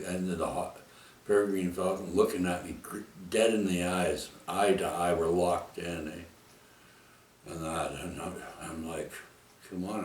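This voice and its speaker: A man's voice: sits low, far from the mic, slight background noise. A man telling a personal story in a casual, rambling way, tagging his sentences with "eh?" and "right?". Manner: rambling, with frequent "eh?" and "right?" tags. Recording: echoey room, off the mic.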